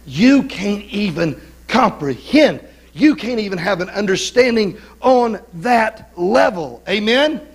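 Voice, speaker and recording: Animated middle-aged male pastor preaching. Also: on the high side, husky, low-quality recording. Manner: animated preaching with call-and-response asides. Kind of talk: sermon. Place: church sanctuary.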